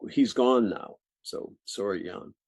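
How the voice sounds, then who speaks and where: An older man, an actor, telling stories from his career in an interview, animated and laughing often. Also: lowish voice, slow pace, vocal fry, husky, no room sound. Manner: animated, laughing, restarts sentences. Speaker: actor guest. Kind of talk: interview storytelling.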